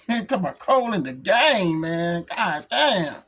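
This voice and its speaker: Slow-talking woman reviewing comics. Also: on the low side, big pitch swings, a bit bright. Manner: laughing, slangy commentary with repeated asides. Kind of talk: casual comic review on video.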